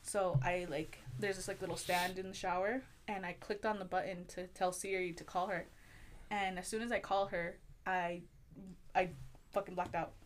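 A young woman telling a personal story in casual chat, animated, swearing a lot and acting out the voices she quotes. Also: on the low side, normal speed, a little hiss or hum. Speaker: guest storyteller.

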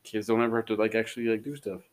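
A man with a fairly low voice, co-hosting a casual podcast about school life. He rambles through his points with plenty of fillers, and his asides come out wry. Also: little pitch movement, rapid-fire. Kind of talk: casual chat.

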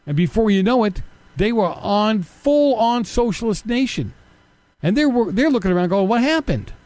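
Combative man with a lively voice. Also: high-pitched, normal speed, dry recording. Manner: combative, sarcastic, rhetorical questions. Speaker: political commentary host. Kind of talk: opinionated monologue.

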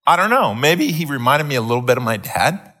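A middle-aged male pastor delivering a sermon in a voice of ordinary pitch. He tells stories in a loose, rambling way, full of restarts and repeated words. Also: sing-song, fairly quick, pushed and bright. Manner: rambling storyteller with many restarts. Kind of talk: sermon teaching.

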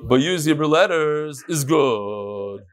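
A man teaching a Talmud class, asking and answering his own questions in an animated, rhetorical way. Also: a little high, slow pace, a crowd in the background.

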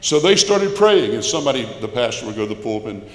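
A man in his sixties with a Georgia Southern accent, telling a personal testimony in church in a folksy storytelling way that swings between loud and hushed. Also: medium pitch, sing-song, fast talker. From South Georgia, USA. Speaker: guest speaker giving a testimony. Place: church sanctuary. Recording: roomy, echoing church hall.

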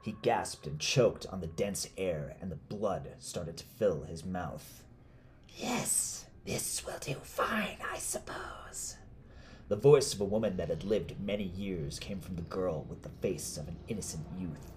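Deep-voiced man narrating horror. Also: moderate pace, few pauses, a little mellow, a little hiss or hum. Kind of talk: scripted horror story narration.

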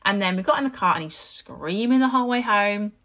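A woman's voice: mid-range voice, lively intonation, fairly quick, fairly bright tone. A woman, hosting a casual podcast and telling candid stories that are often broken up by laughter. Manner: chatty, candid storytelling with frequent laughs. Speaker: podcast host.

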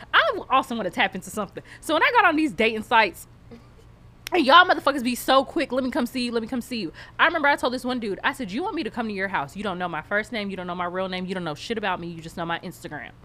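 A woman's voice: a little high, lively intonation, fast, pushed and bright. A woman co-hosting a podcast, ranting bluntly in a casual chat with plenty of swearing. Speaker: podcast co-host.

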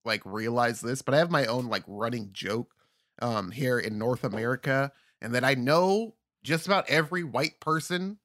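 A man co-hosting a casual podcast, talking in a rambling, profane way with halting restarts. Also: mid-range voice, fairly bright tone. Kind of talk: casual chat.

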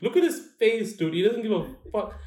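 A man's voice: high-pitched, very animated, fairly quick, warm tone, roomy sound. A young man co-hosting a podcast who rambles, swears casually and trails off mid-thought. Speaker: podcast co-host. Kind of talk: casual chat.

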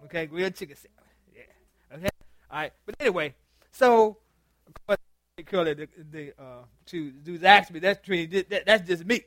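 A pastor with a notably high-pitched man's voice talks to his congregation as much as he preaches at them. He jokes, repeats himself and trips over words. The sound is close and dry. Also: expressive, normal speed, pauses often, fairly bright tone, no room sound. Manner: chatty and joking, stammers and repeats words, quizzes the congregation. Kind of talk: conversational sermon with open dialogue. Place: church meeting room.

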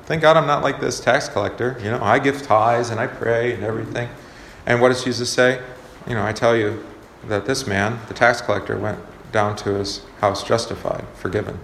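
This pastor's lowish, level voice moves at a normal speed and has a fairly bright tone. He runs a casual Bible study, chatting with many fillers and regularly asking the group questions, in a teaching talk. Faint background noise and a roomy echo fill the recording.

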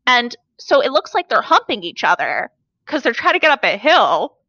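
A woman co-hosting a casual podcast chat, blunt and animated, swearing freely. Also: a little high, normal speed, slightly rough, dry recording, lo-fi sound. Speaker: podcast co-host. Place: foreigner living in Korea.

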